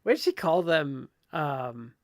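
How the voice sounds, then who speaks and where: A man's voice: fairly high pitch, big pitch swings, slow, dry recording. A man co-hosting a casual wrestling podcast, chatty and filling his talk with "like". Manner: chatty, filler-heavy with "like". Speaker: podcast co-host.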